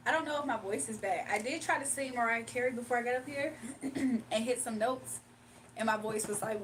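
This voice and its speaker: A woman's voice: sits high, fairly quick. A young woman chatting casually with her viewers on a live stream, laughing often and breaking into bits of song. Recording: slightly distant mic with faint room noise.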